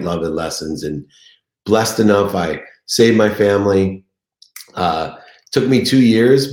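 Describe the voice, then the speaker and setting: In an echoey room, a middle-aged motivational speaker recounts his own life in a confessional talk, earnest and emotional. His voice is low and a little mellow.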